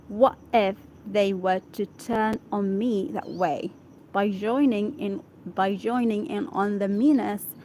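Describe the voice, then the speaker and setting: A woman whose first language is Arabic reads an English article aloud for practice, halting and correcting herself as she checks how words are pronounced. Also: mid-range voice, dark tone, a little hiss or hum, poor audio. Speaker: English learner.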